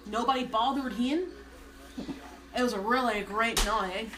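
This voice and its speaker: A chirpy, high-voiced Minnesota gal, as a woman puts her on, folksy and polite, stretching her vowels in a singsong lilt. She tags her sentences with little questions, and the sound bounces around an echoey room. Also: a little slow, background noise, natural voice. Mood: folksy cheerful. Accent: put-on Minnesota.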